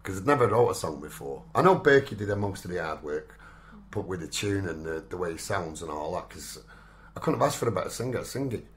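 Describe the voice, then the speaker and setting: A Salford man hosts a community radio show, chatting casually in a deep voice with lively intonation and a slightly fast pace. His working-class Northern English speech is full of "innit" and "do you know what I mean".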